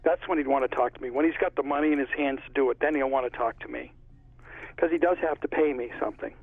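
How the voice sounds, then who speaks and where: A man's voice: mid-range voice, quick pace, creaky, no echo. Connecticut man on a tinny phone line. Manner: chatty, rambling storyteller. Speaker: author being interviewed. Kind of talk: casual phone interview.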